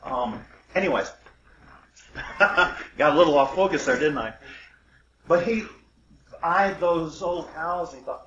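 A man's voice: high-pitched, a little slow, long pauses, a bit bright, slight background noise. A man telling a fable in a folksy, digressive way, wandering into amused asides. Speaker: storyteller. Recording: roomy, dull lo-fi recording.

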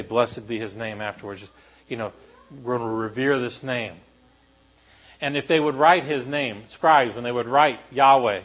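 A male pastor preaching a sermon to a congregation, shifting between animated emphasis and quiet, solemn lines. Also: mid-range voice, rough recording.

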